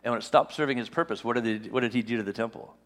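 A man's voice: mid-range voice, very fast, fairly bright tone. Preaching man in a reverberant hall. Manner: storytelling, acts out dialogue, rises on scripture. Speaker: pastor. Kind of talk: sermon.

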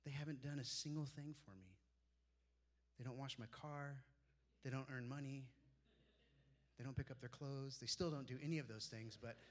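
This sermon comes from a pastor in his forties who speaks at a moderate pace and weaves in stories from his own life. Quoting his mentors, he lets his voice fall quiet and low.

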